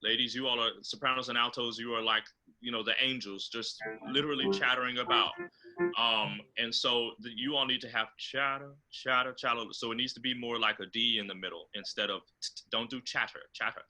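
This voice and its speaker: A man, a composer and choral director, explaining choral diction over a video call and often pausing on fillers. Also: mid-range voice, steady tone, pushed and bright, poor audio.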